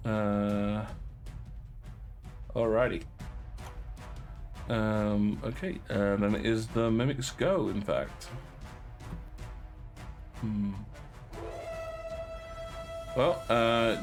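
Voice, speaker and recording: A man's voice: fairly low pitch, fairly even intonation, takes it slowly, long pauses, soft background music. A man running a tabletop game as dungeon master, talking with many fillers and restarts.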